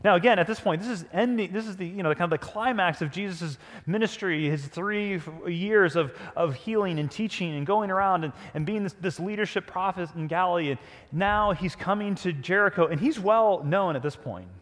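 A male pastor delivers a sermon in a slightly high voice. He tells the story with animation and often falls to a hush. A long reverb fills the church hall around him. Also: fairly quick.

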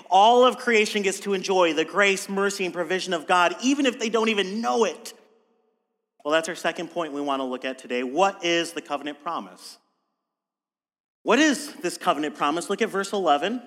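A man preaching a sermon as pastor, emphatic, asking rhetorical questions and slowing down to stress words. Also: high-pitched, a bit bright, big-room sound.

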